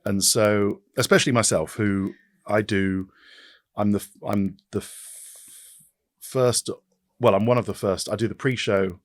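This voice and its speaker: A man in his fifties, a podcast guest, talking in an animated way with quick restarts and repetitions. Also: on the low side, no echo. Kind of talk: casual interview chat.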